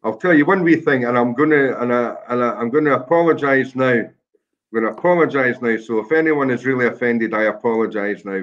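A man, a guest telling a lively, self-deprecating anecdote in a casual way. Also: mid-range voice, highs cut off. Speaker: guest storyteller.

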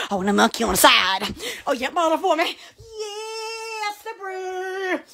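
Giggly high-voiced woman. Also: big pitch swings, normal speed, vocal fry, crowd noise. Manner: giggly, exclamatory, rambling. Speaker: livestream host. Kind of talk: casual Instagram livestream chat.

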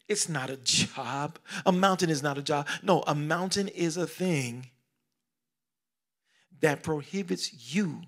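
A middle-aged man preaching a sermon, swinging between loud exclamations and hushed whispers, repeating phrases and calling out questions to the congregation. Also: fairly high pitch, slow pace. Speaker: pastor.

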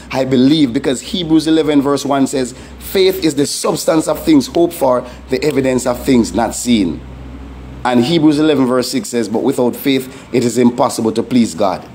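A man's voice: medium pitch, a little mellow, a little hiss or hum. A man, a pastor, giving a testimony sermon in an earnest, emphatic preaching manner with repeated warnings.

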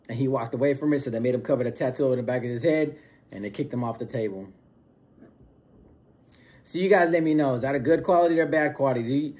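A man's voice: on the high side, a little mellow. A man talking to his subscribers in a casual storytelling monologue, loose and slang-heavy, often repeating words as he goes. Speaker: YouTuber telling a story to subscribers.

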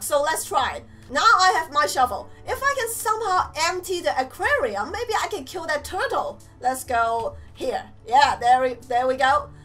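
High, lively young woman gamer. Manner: animated, exclaiming, teasing the game characters. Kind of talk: let's play commentary.

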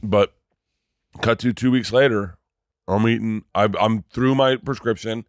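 A man in his thirties, a comedian guest on a podcast, telling a story in a casual, animated way, full of restarts and swearing. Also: on the low side, unhurried, dry recording, studio quality.

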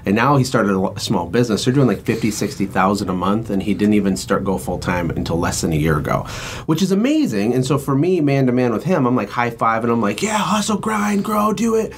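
A man hosting a podcast, an entrepreneur talking in an energetic, emphatic, motivational way. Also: fairly low pitch, fast, slight background noise. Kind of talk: casual chat.

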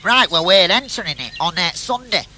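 A man, telling a comedy audio story in an excitable, nasal character voice. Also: high-pitched, normal speed, slight background noise. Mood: chatty. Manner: nasal, excitable, full of "brilliant". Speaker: comic character narrator.

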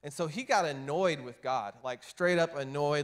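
A man preaching a sermon as pastor, telling stories and acting out the people he quotes, his loudness rising and falling. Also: a little high, normal speed, hardly any pauses. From Texas. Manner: storytelling, acts out quoted voices with big swings in loudness. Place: church.

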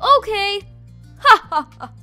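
A goofy, easygoing young husband in a game roleplay, as a woman voices him. The voice sits very high and moves slowly and lazily. He teases in a light, joking way. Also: animated, bright, forceful tone, faint music behind, full character voice. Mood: playful. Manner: goofy, teasing.

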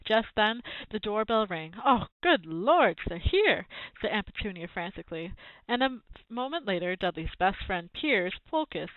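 A woman reads a children's book aloud, lively and expressive in her storytelling. Her voice is dry and close. The sound is thin and narrow, like a phone line. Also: lowish voice, no room sound. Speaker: reader.

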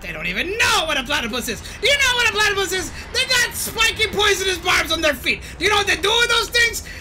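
A woman's voice: very high voice, big pitch swings, fast talker, a loud crowd, very noisy. Woman doing a ranting cartoon mad scientist. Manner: shouty, ranting, self-pitying. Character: grumpy middle-aged male cartoon mad scientist. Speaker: gaming streamer. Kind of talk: gameplay commentary in character.

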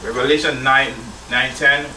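A man with a steady, sharp, mid-range voice preaches at a moderate pace. As a church elder, he reads scripture, speaks to the brethren, and asks call-and-response questions. The recording is roomy from a distant mic, with slight background noise.

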